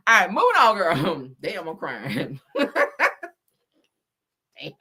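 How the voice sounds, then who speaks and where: A woman's voice: fairly low pitch, sing-song, slow, slightly rough. A woman hosting a casual comedic livestream, laughing often and swearing, with frequent exclamations to the Lord. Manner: loud, laughing, preachy exclamations and profanity. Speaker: livestream host.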